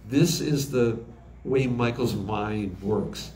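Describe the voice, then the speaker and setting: A man's voice: lowish voice, darkish tone, slight background noise. A man in his sixties, a recording engineer, telling stories in an interview with many fillers and restarts. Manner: halting, frequent fillers and restarts. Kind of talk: interview storytelling. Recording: roomy echo with faint background ambience.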